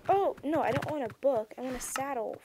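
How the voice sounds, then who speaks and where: A young woman giving casual, excitable commentary over her own gameplay, easily flustered and exclaiming at what happens on screen. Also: high voice, brisk, background noise. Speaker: gameplay streamer.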